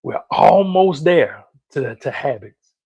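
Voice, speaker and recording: A man preaching motivation to camera, emphatic, repeating key phrases and rising to loud peaks. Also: fairly high pitch, big pitch swings, slow pace, vocal fry, slightly rough, dry recording, muffled recording. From North Carolina. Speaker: motivational minister.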